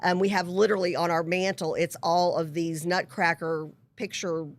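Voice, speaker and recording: Chatty woman host, lower voice. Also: moderate pace, no room sound. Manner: chatty, laughing often, animated storytelling. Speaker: show host. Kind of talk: casual chat.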